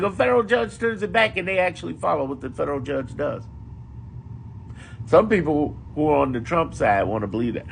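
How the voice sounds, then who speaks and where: A man's voice: a little high, animated, fairly quick, gravelly, fairly bright tone, a little hiss or hum. A man giving casual political commentary, emphatic and profane, repeating his points for effect.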